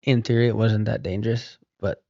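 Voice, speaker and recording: This podcast guest, a middle-aged author, talks briskly in a fairly low, gravelly voice, drifting through long anecdotes with relaxed restarts. The recording is dull lo-fi podcast audio with no echo.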